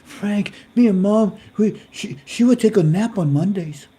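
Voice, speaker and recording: A man putting on a grateful young woman caller, pitched well above his own voice. She stumbles and repeats her words in a halting way. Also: dark tone. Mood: eager.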